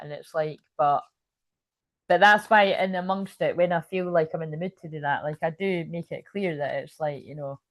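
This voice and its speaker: A woman's voice: deep voice, no echo. Rambling, swearing woman tarot reader. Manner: rambling, casual, swears freely; keeps checking in with "you know what I mean". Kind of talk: live tarot reading stream.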